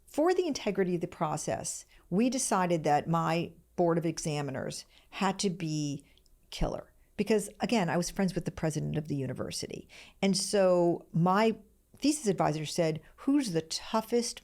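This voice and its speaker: A woman's voice: fairly low pitch, a little mellow. A woman in her sixties hosting a solo podcast, telling a personal story in a candid, emotional, self-searching way, close to tears at times. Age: 60s. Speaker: podcast host.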